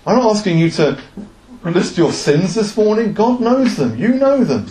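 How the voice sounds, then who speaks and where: Earnest male preacher, sermon delivery, slightly high pitch, echoey room. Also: very animated, moderate pace, dark tone, slight background noise. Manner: earnest, with rhetorical questions.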